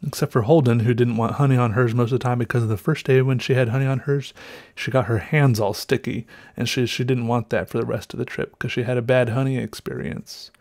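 A man's voice: mid-range voice, steady tone, fairly quick, darkish tone. Rambling, breathless podcast man. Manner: rambling, self-correcting, trails off with fillers. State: slightly out of breath. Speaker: podcast host. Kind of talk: casual storytelling monologue.

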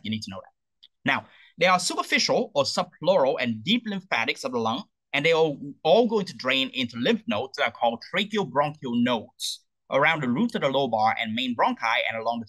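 A man's voice: medium pitch, no room sound, low-quality recording. A man giving an anatomy lecture, tagging "okay?" onto points and asking rhetorical questions he answers himself. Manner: lively, repeats "okay?" to check understanding.

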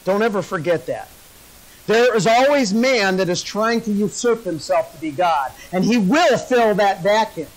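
A man's voice: sits high, normal speed, poor audio. Man preaching, folksy and jokey, voice swinging way up and down. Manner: animated, folksy, joking storyteller. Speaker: pastor. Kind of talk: sermon.

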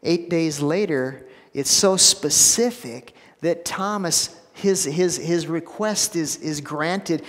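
A man's voice: on the high side, slow pace, hardly any pauses, fairly bright tone, long reverb tail. A man preaching a sermon as pastor, casual and conversational, with repeated words and asides. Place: church sanctuary.

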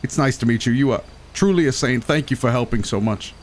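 A man's voice: medium pitch, fairly quick, slight background noise, close to an everyday voice. A man playing a faux-royal young con man with a put-on posh British accent, prim and fussily polite. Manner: prim, overly polite, fussy exclamations. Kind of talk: roleplay in a game.

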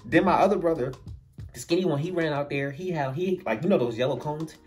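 A man telling a funny story in a storytime vlog, animated and acting out the voices of the people in it. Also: fairly high pitch, a little fast, soft background music.

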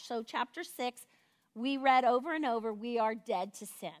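A woman's voice: a little high, moderate pace. A woman teaching a women's Bible study in a casual, conversational way, often checking in with "right?".

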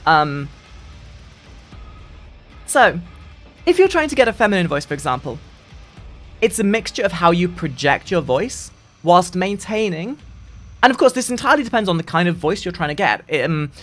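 A gaming streamer giving a casual voice-training tutorial in a lively, sing-song way, often restarting sentences. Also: normal speed, long pauses, faint music behind. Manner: lively, sing-song delivery with frequent restarts, dropping into deep demo voices.

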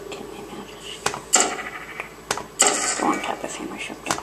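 A woman giving gameplay commentary through a cheap headset, excitable and giggly, swearing and muttering to herself. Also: normal speed, slight background noise. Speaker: let's play host.

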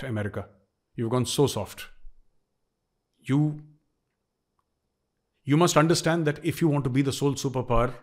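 A middle-aged man with an Indian accent, giving emphatic opinion commentary and repeating phrases for stress. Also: mid-range voice.

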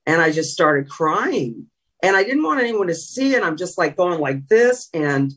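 A woman's voice: lowish voice, very animated, moderate pace, a bit bright, husky, recorded from a distance. A woman in a conversational interview, a former sideline reporter, telling reflective and emotional stories. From California. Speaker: guest, retired sideline reporter.

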